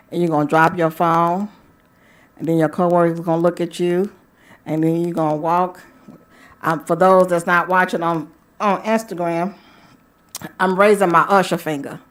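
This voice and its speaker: A woman radio host talks in a loose, playful way about love and desire. Her voice sits on the low side for a woman. She slips into breathy, sultry asides and then bounces back into teasing chat. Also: fairly even intonation, moderate pace. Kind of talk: casual talk radio monologue.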